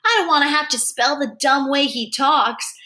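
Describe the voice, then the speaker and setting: A woman reading a novel aloud, telling a first-person story in a lively, expressive way. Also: sits high, normal speed. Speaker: reader.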